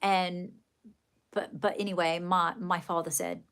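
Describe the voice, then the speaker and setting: A woman's voice: on the low side, level tone, moderate pace, a bit bright. Woman, Southern accent, gushing, rambling livestream chat, calls viewers darling. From Georgia, US. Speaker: livestream host.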